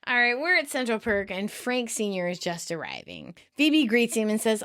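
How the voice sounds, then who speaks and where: A woman's voice: mid-range voice, moderate pace, few pauses, no room sound. A woman co-hosting a podcast, recapping an episode in casual chat and giggling often. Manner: giggly, animated. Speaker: podcast co-host.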